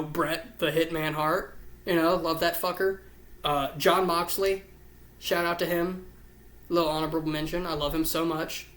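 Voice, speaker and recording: A tired YouTube host, yawning as he goes, rambles casually to camera in a ranking chat, gushing and swearing a lot. His voice is medium-pitched and fairly bright, with a reverberant sound.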